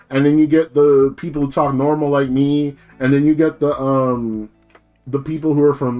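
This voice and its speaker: A man's voice: mid-range voice, fairly even intonation, unhurried, soft background music. A young man from New Jersey chatting casually on a live stream, rambling, swearing and full of slang.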